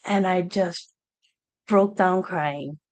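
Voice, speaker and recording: A woman telling her own story on a live talk show, earnest and halting, acting out old conversations as she goes. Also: on the low side, a little mellow. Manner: halting, earnest, reenacts past talk in quotes. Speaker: guest sharing her story.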